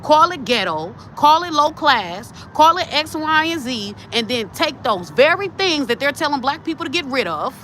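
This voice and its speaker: Animated, high-voiced woman ranting bluntly. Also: normal speed, hardly any pauses. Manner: blunt, profane and animated, talking straight at the camera. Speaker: tarot reader and channel host. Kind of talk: casual ranting commentary. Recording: noisy, with traffic sounds outside.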